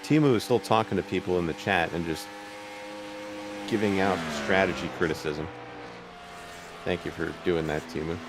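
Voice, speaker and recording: A man commentating on sim racing qualifying in a joking, relaxed play-by-play manner. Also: deep voice, normal speed, long pauses, noisy background. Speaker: broadcast commentator.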